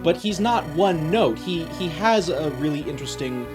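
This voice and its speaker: A man's voice: fairly high pitch, lively intonation, moderate pace. A man casually commentating a video game playthrough as a guest, rambling and hesitant, with frequent restarts. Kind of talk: casual let's play commentary. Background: video game music.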